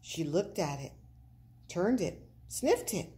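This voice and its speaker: A woman reading a children's picture book aloud, very expressive, with animated sound effects. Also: on the low side, slow pace. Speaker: storybook reader.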